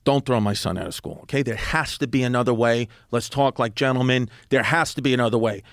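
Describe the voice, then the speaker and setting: A man voicing his calm, menacing, street-tough father, speaking low and quiet. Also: fast, dry recording, studio quality, close to an everyday voice. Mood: quiet threat.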